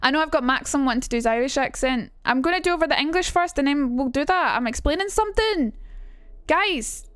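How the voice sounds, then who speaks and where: A woman's voice: high-pitched, animated, a little fast, a bit bright, dry recording, clean studio sound. A young woman with a Glaswegian Scottish accent, streaming a casual lesson, chatty and sweary and reading out her chat. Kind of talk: casual live-stream teaching.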